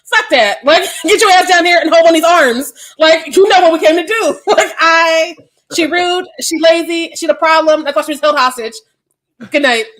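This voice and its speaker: A woman's voice: very high voice, normal speed, fairly bright tone. A woman co-hosting a casual podcast chat, blunt and profane in her opinions. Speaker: podcast co-host.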